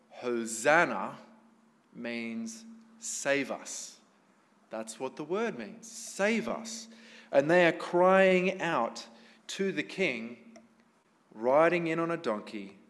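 A man preaching a sermon to a congregation in a conversational way, often asking them questions. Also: medium pitch. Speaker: pastor. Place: church hall with congregation. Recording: long hall reverb.

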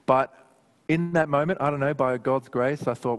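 Pastor preaching in an echoing hall. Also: male voice, mid-range voice, normal speed. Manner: conversational, animated, with personal anecdotes. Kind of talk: sermon. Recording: long hall reverb.

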